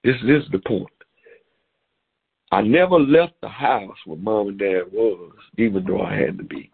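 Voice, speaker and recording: A middle-aged man preaching a sermon over a phone call, animated and repeating words as he goes. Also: deep voice, creaky, slightly rough. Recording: tinny phone-line sound.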